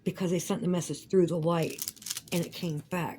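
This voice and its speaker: Low-pitched woman vlogger, chatty and rambling, swears a lot; faint crinkling behind. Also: steady tone, moderate pace, mellow, a little hiss or hum, rough recording. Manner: rambling, profane, emphatic. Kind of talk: casual crafting chat.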